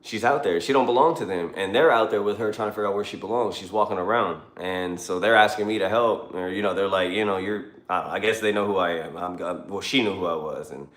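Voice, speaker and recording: A man's voice: low voice, fast talker, hardly any pauses, fairly bright tone. A man telling a long story in a rambling, profane, conversational way during a livestream from a car. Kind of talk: casual storytelling. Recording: roomy echo.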